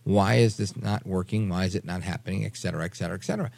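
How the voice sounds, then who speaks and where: A man's voice: sits low, racing, creaky, darkish tone, no echo. A man hosting a radio talk show, giving emphatic, opinionated political commentary and repeating phrases for emphasis.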